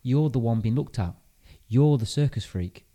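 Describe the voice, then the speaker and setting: A British man hosting a podcast tells a story in a casual, chatty way. He thinks aloud with frequent restarts and keeps a middle-pitched, everyday voice. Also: animated, moderate pace, warm tone. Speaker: podcast host. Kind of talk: casual chat.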